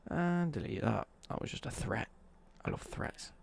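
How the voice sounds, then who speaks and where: A man's voice: a little high, animated, normal speed, gravelly, slight background noise. A man live-streaming a football game and chatting cheekily with viewers, reading their messages out and joking back. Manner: cheeky, jokey banter, reads out chat messages.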